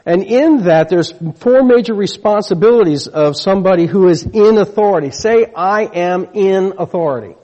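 A man's voice: sits high, lively intonation, normal speed, hardly any pauses, warm tone. A man preaching a sermon in a conversational way, often restarting his sentences and calling on the congregation to repeat after him. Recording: dull lo-fi recording with long hall reverb.

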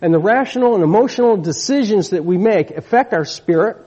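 A man's voice: sits high, animated, brisk, mellow, husky. A man preaching a sermon in a conversational way, often restarting his sentences and calling on the congregation to repeat after him. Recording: dull lo-fi recording with long hall reverb.

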